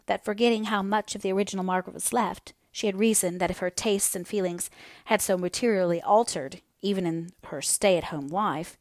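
A woman narrating a classic novel as an audiobook reader, in a measured, steady way. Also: medium pitch, no echo, clean studio sound.

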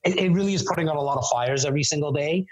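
A man's voice: on the high side, rapid-fire, no room sound. A man in his forties, a guest on a podcast, talking casually and often repeating words as he restarts his sentences. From Canada. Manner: repeats words often, many false starts. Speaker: podcast guest, real estate entrepreneur. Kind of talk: casual interview talk. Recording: dry, slightly muffled lo-fi sound.

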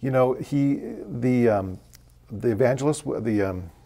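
A man's voice: mid-range voice, unhurried, dark tone. A man co-hosting a faith talk show, answering his co-host and reflecting on the story.

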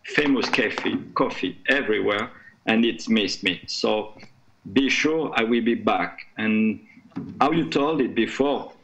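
A man whose first language is French, speaking haltingly as a guest in a panel discussion. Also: fairly low pitch, a bit bright, slight background noise, rough recording. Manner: halting, searching for English words.

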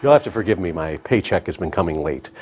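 A man's voice: deep voice, expressive, quick pace, noisy background. A man hosting a comedic talk show, delivering a wisecracking monologue.

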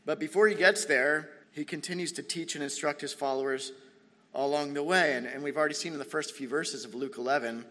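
A man preaches from the pulpit, slipping into a chatty, self-deprecating story before the scripture. His voice sits a little higher than most men's. The recording carries the long, lingering reverb of a church sanctuary. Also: a little fast, fairly bright tone. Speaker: pastor. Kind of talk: sermon with personal storytelling.

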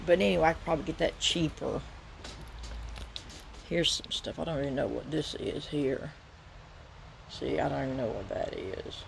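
A middle-aged Southern US woman drawls chattily to y'all in a thrift-shopping vlog. Her low-pitched voice has vocal fry, she moves at a moderate pace and pauses often, and the background is noisy.

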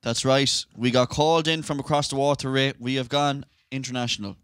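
A man's voice: mid-range voice, fairly even intonation, brisk, fairly bright tone, clear, resonant tone, no echo, studio quality. An Irish man co-hosting a podcast, chatting casually with swearing and laughter. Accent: Irish, west of Ireland. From Ireland. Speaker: podcast co-host. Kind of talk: casual chat.

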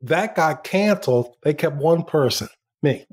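An older man, a former TV journalist, telling lively anecdotes in an interview and acting out the quotes. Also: on the high side, unhurried, slightly rough. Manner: lively anecdotes, acts out quotes, laughs often. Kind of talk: storytelling in a podcast interview.

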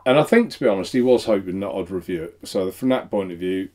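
A man's voice: deep voice, lively intonation, fast talker, dark tone. A man hosting a casual live stream, chatty and self-mocking, laughing often. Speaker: host.

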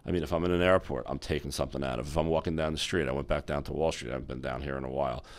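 A former exchange executive, this middle-aged American man is an interview guest who animatedly tells stories and voices the people he quotes. He speaks rapid-fire in a very deep voice with fairly even intonation.

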